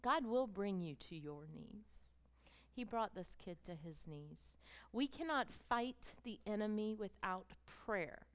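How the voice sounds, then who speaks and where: A middle-aged woman telling her story as a sermon to a group of women, moving from hushed storytelling to fervent, emotional exclamations. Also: medium pitch, lively intonation, slow pace. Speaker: speaker at a women's gathering. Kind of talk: testimony sermon.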